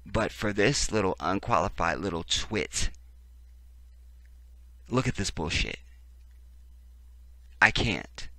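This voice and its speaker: Low-voiced man ranting with force. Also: slow pace, pauses often, bright, forceful tone, dry recording. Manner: heated, profane, sarcastic; reads text aloud and interrupts it with reactions. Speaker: political commentary host. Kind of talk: ranting video commentary.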